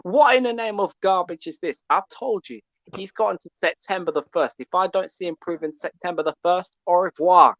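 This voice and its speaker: A male caller ranting about football, loud and animated, who keeps asking "yeah?" between points. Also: high voice, moderate pace, no echo, lo-fi sound. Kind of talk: call-in football rant.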